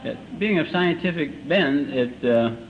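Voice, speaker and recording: A man's voice: on the high side, animated. Wry older man telling a live story. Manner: dry self-mocking humor, slow deliberate timing. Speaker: recovery meeting speaker. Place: meeting hall. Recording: muffled old live recording with faint hiss.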